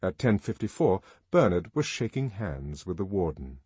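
A man narrating a novel in a measured, expressive audiobook reading. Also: sits low, slightly rough, no echo. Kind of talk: scripted narration.

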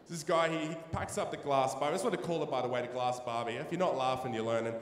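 A man's voice: fairly high pitch, quick pace, hardly any pauses. A man doing a loose, rambling, slangy stand-up routine on a large theatre stage. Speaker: stand-up comedian. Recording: echoey hall, live stage.

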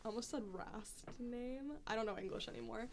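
A young woman, an English teacher, chatting casually on a podcast, laughing and swearing as she tells animated stories. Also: a little high, brisk, gravelly, crowd noise. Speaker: guest, English teacher in Japan.

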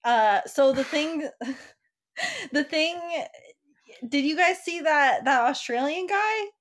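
A woman's voice: sits high, expressive, slow. A woman playing along in an improvised story game, rambling casually with lots of filler words. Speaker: player.

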